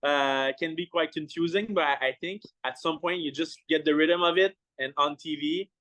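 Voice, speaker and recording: A man with a Québécois French accent, a chef speaking English as a second language, halting with many restarts in a casual interview. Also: on the high side, fairly bright tone, dry recording. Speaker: chef guest.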